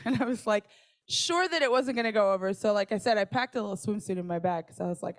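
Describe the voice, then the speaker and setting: Lively woman telling a personal story. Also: fairly high pitch, fast talker. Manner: lively, conversational, checks in with listeners; laughs between lines.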